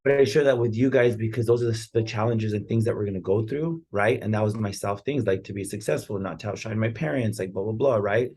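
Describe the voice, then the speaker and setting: A man's voice: fairly low pitch, fast talker, hardly any pauses, a little mellow, breathy edge. A man giving casual, earnest motivational talk on a podcast, rambling and often checking in with "right?". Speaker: podcast speaker on real estate and personal growth.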